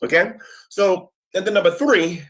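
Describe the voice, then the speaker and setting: A man in a played video clip, talking straight at a rival in a confrontational monologue, halting and repeating words. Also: mid-range voice, vocal fry. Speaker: video maker addressing a rival.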